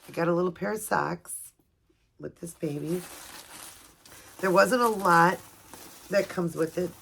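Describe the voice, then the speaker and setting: A woman at home filming an unboxing video for her vlog, talking softly and gushing with emotion. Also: fairly low pitch, unhurried, vocal fry, slight background noise. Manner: gushing, soft-spoken, emotional. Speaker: vlogger. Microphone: camera set up nearby.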